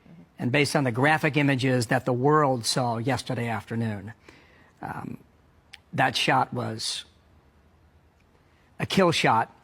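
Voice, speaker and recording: A man's voice: medium pitch, fairly even intonation, slow pace, pauses often, fairly bright tone, slightly rough. A man delivering a news report as anchor, briefing his co-anchor point by point.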